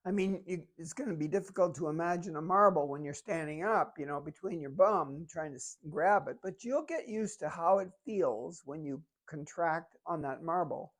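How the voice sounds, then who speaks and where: A fitness instructor giving calm, step-by-step exercise coaching while demonstrating the moves. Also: mid-range voice.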